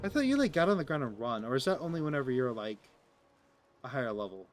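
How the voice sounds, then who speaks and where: A man's voice: medium pitch, very animated, fast, soft background music. A man giving casual commentary over his gameplay, rambling and joking with lots of filler words. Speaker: gaming streamer.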